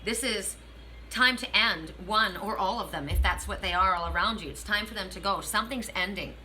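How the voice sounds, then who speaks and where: In this low-quality recording, a bit of hiss or hum sits under a middle-aged woman doing a spiritual card reading for her audience. She speaks at a moderate pace in a medium pitch with a sharp tone, addressing the listener earnestly and returning again and again to affirming phrases.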